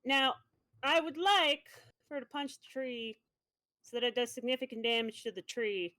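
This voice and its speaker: A woman's voice: high-pitched, moderate pace, pushed and bright. A woman playing a tabletop game on a live stream, describing her character's actions and laughing often. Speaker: player.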